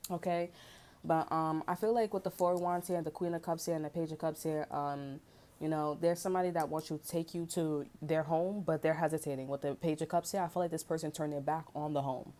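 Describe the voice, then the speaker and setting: A woman's voice: deep voice, fairly even intonation, normal speed, a little mellow. Blunt, profane woman talking street slang. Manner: frequent throat clearing. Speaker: tarot reader. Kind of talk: casual unscripted tarot reading monologue.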